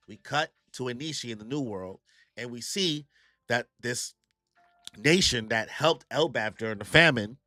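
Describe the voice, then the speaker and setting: Animated male reaction host, bright slangy delivery, dry close sound. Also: mid-range voice, no room sound. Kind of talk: casual live reaction commentary.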